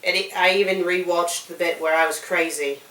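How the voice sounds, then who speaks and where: A young woman co-hosting a fanfic review show in casual, rambling chat, sometimes dropping to a conspiratorial hush. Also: fairly low pitch, steady tone, normal speed. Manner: rambling, conspiratorial, snaps in exasperation. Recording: echoey room, distant mic, faint hiss.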